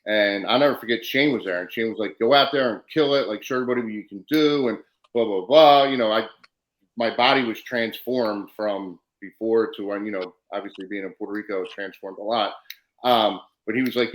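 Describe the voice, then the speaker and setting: A man's voice: on the low side, a bit bright, reverberant, low-quality recording. A man hosting a casual podcast interview, telling stories animatedly and acting out the exchanges he quotes. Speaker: podcast host, former wrestler.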